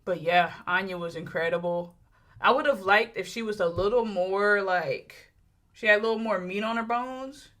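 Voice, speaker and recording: A woman's voice: medium pitch, moderate pace, fairly bright tone. A woman talking casually and enthusiastically through a movie review, with many fillers and restarts.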